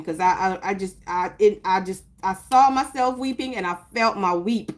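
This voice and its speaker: Woman host, casual live-stream chat over crafting, greets viewers by name, swoops high when excited. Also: normal speed, few pauses. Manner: chatty, greets viewers by name, laughs often. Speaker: planner YouTuber hosting a live stream.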